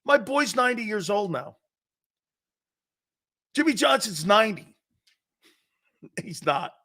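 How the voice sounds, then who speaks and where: A man's voice: sits high, big pitch swings, slow, sharp tone. A man hosting a sports talk show, ranting brashly with profanity and frequent laughter. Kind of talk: casual sports radio talk.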